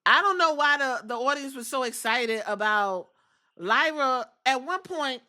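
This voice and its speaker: Woman podcast host, bright and forceful tone, blunt and foul-mouthed, chatty storyteller. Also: high-pitched, expressive, unhurried. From outside the US. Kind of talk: casual recap podcast.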